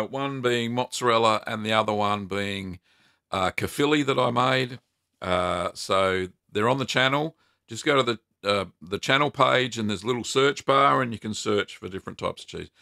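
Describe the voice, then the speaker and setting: Middle-aged man, casual live-stream host, chatty and cheerful; low, gravelly, bright voice, dry close sound. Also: no room sound. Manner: chatty, upbeat, laughs often, many ums. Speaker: cheese-making livestream host. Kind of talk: casual live Q&A, reading chat aloud.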